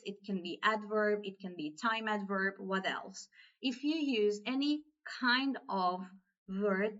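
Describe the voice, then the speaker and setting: A Turkish-accented woman, a native Turkish speaker, leads a language lesson at a very slow, deliberate pace. She walks through each point patiently, with non-native English phrasing. The audio sounds slightly dull and muffled. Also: on the high side, fairly bright tone. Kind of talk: slow explanatory online lesson.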